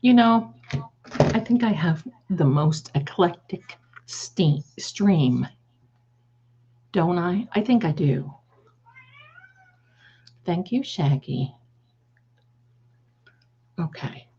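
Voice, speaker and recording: A woman's voice: lowish voice, animated, takes it slowly, long pauses, dark tone, husky, highs cut off. A woman hosting a tarot livestream in casual chat, affectionately calling her viewers "my darlings" while fiddling with her setup.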